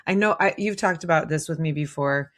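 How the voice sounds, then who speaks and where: Lower-voiced woman podcast host. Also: brisk. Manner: warm, encouraging, laughs along. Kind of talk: casual interview conversation.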